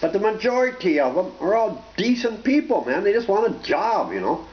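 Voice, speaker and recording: A man's voice: sits high, sing-song, fairly quick. A man ranting casually to camera, blunt and profane, rambling from point to point. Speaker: vlogger. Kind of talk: casual opinion rant to camera. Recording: roomy, dull lo-fi home recording.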